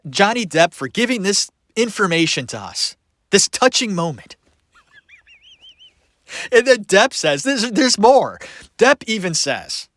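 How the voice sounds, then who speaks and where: A male podcast host talking on his own, his pitch swinging up and down as he laughs and throws in sarcastic asides. His voice sits a little high for a man. The sound is dry and close, with no room around it. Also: fairly bright tone, dry recording. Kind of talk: solo podcast commentary.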